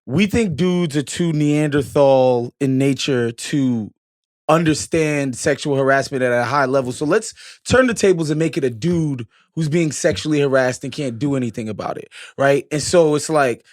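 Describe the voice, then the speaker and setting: A man's voice: mid-range voice, normal speed, no echo, studio quality. A man co-hosting a casual movie podcast, laid-back and thinking aloud. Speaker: podcast co-host.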